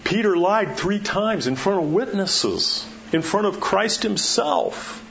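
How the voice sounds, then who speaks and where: A man's voice: expressive, takes it slowly, vocal fry, a bit bright. Man preaching a conversational sermon. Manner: conversational preaching, acts out quotes, drops low for emphasis. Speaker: pastor. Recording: dull muffled sound with faint background hiss.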